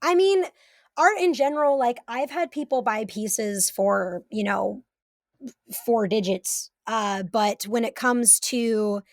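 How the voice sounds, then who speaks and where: A woman's voice: a little high, slow pace, no room sound, clean studio sound. A woman guest talking casually on a podcast, chatty and swearing freely, with many fillers. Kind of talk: casual chat.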